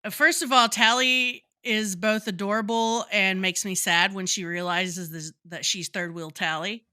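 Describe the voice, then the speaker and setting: A woman's voice: mid-range voice, fairly even intonation, unhurried, sharp tone, clear, resonant tone. A woman co-hosting a podcast, chatting casually and adding details to her co-host's recap. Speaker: podcast co-host.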